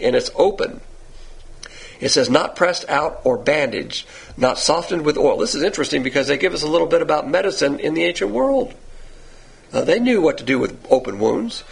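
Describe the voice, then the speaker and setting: A male Bible teacher giving a verse-by-verse sermon in a gravelly, husky voice. He keeps asking rhetorical questions and answering them himself. His pitch jumps up sharply whenever he stresses a point. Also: poor audio. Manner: lively, rising emphasis with rhetorical questions.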